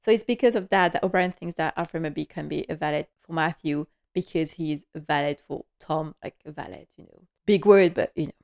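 This young woman recaps a TV episode for her vlog, talking a little fast with few pauses. Her low-pitched, darkish voice has vocal fry, and she gushes, laughs often, and acts out bits of dialogue.

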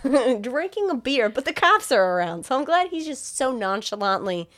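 A woman co-hosting a casual chat show, retelling a film with quick voiced quotes, frequent laughs and swearing. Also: sits high, very animated, a bit bright, no room sound. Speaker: podcast co-host recapping a film.

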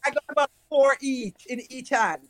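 Jamaican lady, middle-aged, lively storyteller, slightly high voice, dry close sound. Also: moderate pace, no echo. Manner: animated storytelling, laughs often. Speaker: guest. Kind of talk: casual chat.

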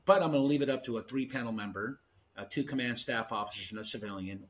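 Middle-aged guy, retired cop, explaining stuff with lots of emphasis, normal pitch. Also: a bit bright. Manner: emphatic explaining, stresses key words. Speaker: retired police sergeant, guest. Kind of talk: casual podcast interview.

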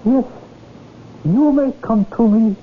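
An actor in a 1970s radio drama playing a serene mystic guru who speaks in slow, grave, oracular phrases. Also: mid-range voice. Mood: solemn. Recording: tinny old radio broadcast, faint hiss.

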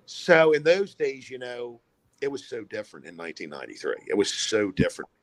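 A man's voice: medium pitch, sing-song, fairly quick, dry recording. A middle-aged man, a filmmaker guest, telling a long story in a casual interview, rambling with many fillers and restarts.

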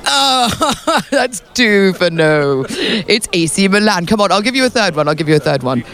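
A man's voice: high voice, big pitch swings, moderate pace, creaky, a bit bright. A male radio host interviewing people outdoors in a playful, quizzing manner. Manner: playful, quizzing, laughs easily. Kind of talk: casual interview.

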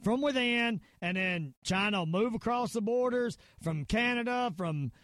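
A man's voice: high voice, animated, unhurried, a bit bright, dry recording. A man with a Southern US accent hosting a podcast, ranting in a rambling, emphatic way full of fillers and restarts. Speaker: podcast host. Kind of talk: casual conspiracy-minded rant.

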